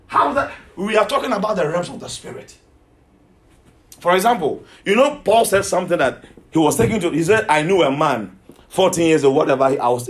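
A man preaching a sermon, emphatic, repeating himself and asking his listeners questions. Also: high-pitched.

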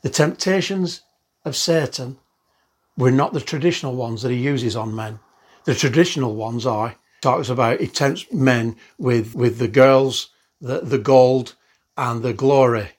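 A man's voice: mid-range voice, unhurried. A man giving an online sermon in a conversational, earnest way, with frequent fillers. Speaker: pastor.

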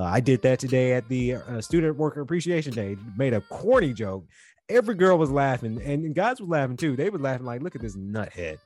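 A young man hosts his podcast in a loose, rambling monologue, earnest and open, often doubling back to restart a thought. His voice sits at an ordinary middle pitch. Faint music plays quietly beneath him. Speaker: podcast host.

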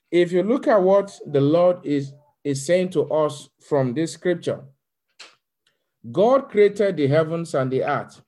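A man's voice: a little high, darkish tone. A man pastor delivering a sermon, preaching in repeated declarations and leading prayer.

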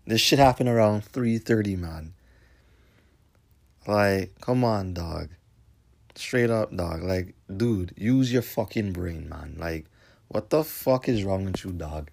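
A man's voice: sits low, takes it slowly, vocal fry. A young man hosting his own show in a casual monologue, talking bluntly with lots of swearing and street slang and rambling from one point to the next. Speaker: host.

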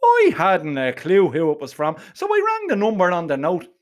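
A middle-aged man narrating a comic tale, gruff and blunt with plenty of swearing. His voice sits high for a man and swings widely up and down as he tells it. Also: huge pitch swings, moderate pace. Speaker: storyteller.

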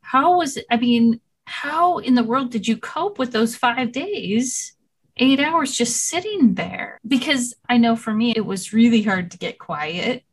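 A woman's voice: on the high side, lively intonation, unhurried, breathy edge. A woman hosting a casual interview who asks curious, probing questions. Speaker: host.

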